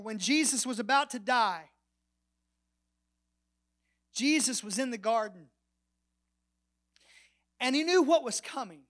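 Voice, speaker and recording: A man preaching a sermon as pastor. He tells the story with big swings between loud and soft, and drops to a near whisper at the ends of phrases for emphasis. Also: very high voice.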